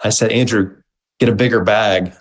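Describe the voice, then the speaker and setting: A middle-aged man with a fairly low voice tells a story in a relaxed interview. He talks animatedly and slips into the voices of the people he quotes. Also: moderate pace, low-quality recording. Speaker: guest, movement founder.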